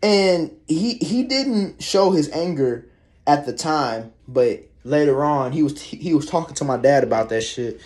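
A man's voice: on the high side, expressive, unhurried, darkish tone. Young male vlogger, raised voice, rambles and curses through an exasperated rant. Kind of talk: casual ranting monologue.

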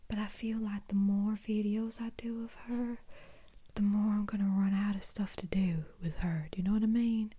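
A woman's voice: medium pitch, steady tone, normal speed, warm tone, breathy edge. A woman in a whispered ASMR chat, rambling and self-deprecating with lots of ums. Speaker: ASMR creator.

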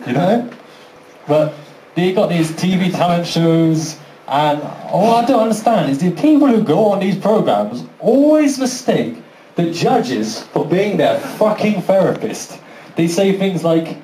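Brash sweary stand-up comedian, lively high voice. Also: male voice, normal speed. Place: comedy venue with live audience. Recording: roomy venue, faint background noise.

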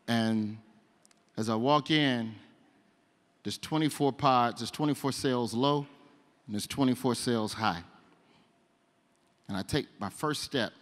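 A man performing stand-up comedy, telling a story and moving from hushed asides to loud punchlines. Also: mid-range voice. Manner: animated, shifts between hushed and loud. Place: comedy stage.

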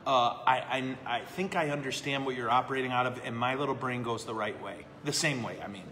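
A man's voice: medium pitch, brisk, sharp tone, a little hiss or hum. A man, a priest, chatting casually and answering questions live, self-deprecating and laughing often. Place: brewery. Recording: echoey room with long reverb.

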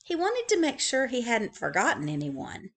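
A woman librarian reading a picture book aloud to young children, expressive, with playful asides to the kids. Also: on the high side, normal speed, slightly rough. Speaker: school librarian.

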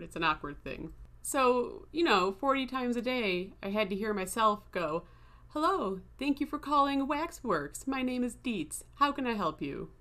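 A woman in her thirties, a video creator, narrates a casual vlog voice-over in a medium-pitched, slightly bright voice. She tells a rambling, self-deprecating story, chatty and laughing as she talks.

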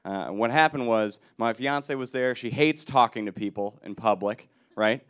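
A young man from Milwaukee doing a stand-up comedy set on a club stage, deadpan and self-mocking, punching up the jokes. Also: medium pitch, normal speed, smooth.

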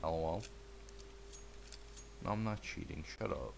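A man with a low voice drawls through casual gameplay commentary at an unhurried pace. He mutters along, then bursts into swearing and trash talk at his opponents. A faint hiss sits under the recording. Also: gravelly. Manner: laid-back and mumbly, breaking into swearing, trash talk and yelps at the game.

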